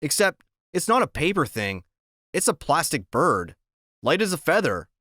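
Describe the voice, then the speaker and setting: A man reads a first-person audiobook in a casual, plain-spoken way. His voice is bright and forceful, with an animated melody. The studio sound is dry and close to the microphone. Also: fairly high pitch, moderate pace, no echo. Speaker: audiobook narrator.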